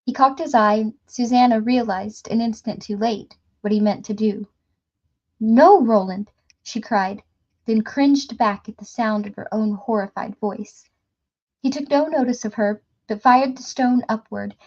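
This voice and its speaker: A woman reading a novel aloud in a steady storytelling manner, with small slips and restarts. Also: a little high, normal speed, highs cut off. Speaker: audiobook reader. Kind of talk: reading a novel aloud, voicing characters lightly.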